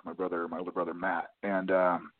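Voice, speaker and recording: Deep husky actor guy, loose and rambly, thin phone-line audio. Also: monotone, fairly quick, dry recording. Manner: loose and self-deprecating, many fillers. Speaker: actor guest. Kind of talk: podcast interview.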